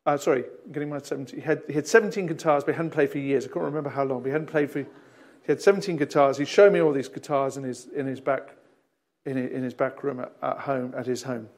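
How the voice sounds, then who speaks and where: A man's voice: medium pitch, fairly even intonation, fast, a little mellow. A male pastor with an Australian accent, telling a rambling anecdote in a sermon with lots of restarts and chuckles. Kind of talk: storytelling sermon.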